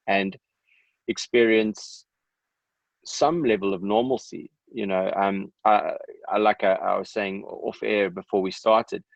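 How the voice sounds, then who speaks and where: A South African musician speaks candidly as a podcast guest, his low voice gravelly. He pauses on ums and restarts as he thinks aloud. The sound is dry and a little dull. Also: no room sound. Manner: reflective, halting, many ums and restarts. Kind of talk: candid podcast interview talk.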